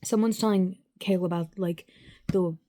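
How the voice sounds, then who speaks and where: A young woman vlogs her reactions to a book in a casual, chatty way, filling her speech with "like" and gushing exclamations. Her voice is on the low side and dark in tone, steady, at normal speed.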